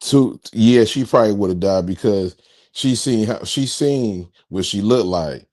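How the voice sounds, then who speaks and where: Man mock-mourning in a low, dark voice. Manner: mock-mourning, drawn-out groans and repeated "man". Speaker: reaction show host. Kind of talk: casual reaction chat.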